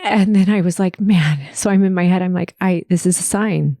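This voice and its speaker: A woman's voice: fairly low pitch, moderate pace, dark tone, no echo, clean studio sound. A woman hosting her own podcast, telling a personal story in a heartfelt, faith-focused way. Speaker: podcast host.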